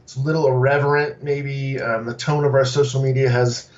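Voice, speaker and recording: A man's voice: medium pitch, level tone, brisk, far from the mic, dull audio. A man being interviewed on a podcast about his food truck, talking casually with many fillers and restarts. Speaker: guest, food truck owner.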